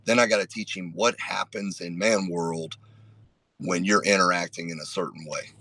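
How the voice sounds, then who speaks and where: A middle-aged man telling a story in a blunt, unhurried way with frequent profanity, on a podcast. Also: sits low, fairly even intonation, bright, forceful tone, no echo. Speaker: podcast host. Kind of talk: casual storytelling.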